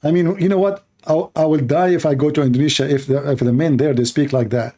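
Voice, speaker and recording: A man's voice: a little high, steady tone, quick pace, dark tone. A man giving a mocking comedic monologue as a debate commentator, sarcastic and full of rhetorical questions. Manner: sarcastic, rhetorical, plays both sides of a mock dialogue.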